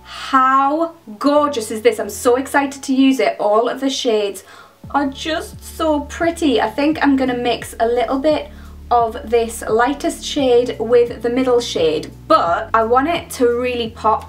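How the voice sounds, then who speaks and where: A woman's voice: a little high, a little slow. A young woman chatting casually through a makeup tutorial, gushing with enthusiasm about each product. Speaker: beauty vlogger. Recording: mic at a distance, faint background music.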